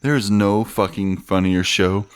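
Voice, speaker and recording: A man's voice: fairly low pitch, fairly even intonation, a little slow, smooth. A man co-hosting a podcast in casual chat over drinks, laid-back, swearing freely and laughing through his stories. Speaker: podcast co-host.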